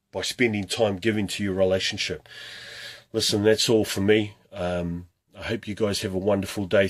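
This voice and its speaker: Speaking to camera as a fitness coach, a man with a lowish, husky voice motivates viewers with a string of earnest rhetorical questions.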